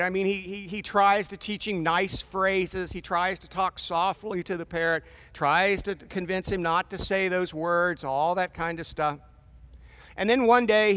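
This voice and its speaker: Fifty-year-old male preacher, slightly high voice. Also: fairly bright tone. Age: 50s. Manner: conversational storytelling, wry asides. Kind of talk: sermon.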